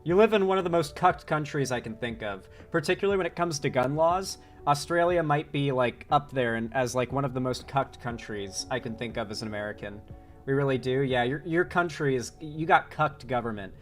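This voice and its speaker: A man from Florida chatting casually on a live stream, rambling and swearing, with a sore throat. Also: mid-range voice. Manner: rambling, profane, excitable. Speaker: political commentary streamer.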